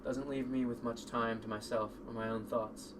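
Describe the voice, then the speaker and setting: A man voicing a calm, guarded middle-aged uncle in a crime family, speaking low and measured. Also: close to an everyday voice. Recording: distant mic with noticeable noise.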